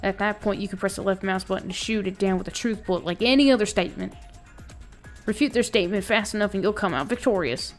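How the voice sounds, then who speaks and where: A woman's voice: mid-range voice, fast, faint music behind. A woman streaming a game live, laughing, swearing and reading the tutorial text aloud. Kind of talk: live let's play commentary.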